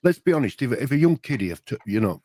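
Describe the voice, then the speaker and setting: A man's voice: medium pitch, sing-song, quick pace, mellow, no echo. Rambling man in a dry room. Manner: rambling, with restarts and asides. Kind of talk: casual chat.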